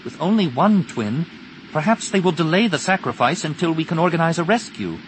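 A stern young Jedi woman speaks in measured, formal tones, as a male reader puts her on, her voice raised well above a deep narrator's register. She sounds grave and controlled over a noisy hiss. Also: expressive, close to an everyday voice. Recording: noisy recording.

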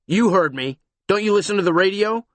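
A man doing a hard-nosed street cop who barks his lines, gruff and impatient, louder and a bit higher than the reader's own voice. He sounds close and dry, with no room around him. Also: animated, normal speed, no room sound.

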